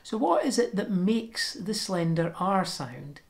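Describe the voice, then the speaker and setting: A woman giving a pronunciation lesson, explaining sounds step by step and demonstrating them slowly and deliberately. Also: medium pitch, sing-song, vocal fry. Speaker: language teacher.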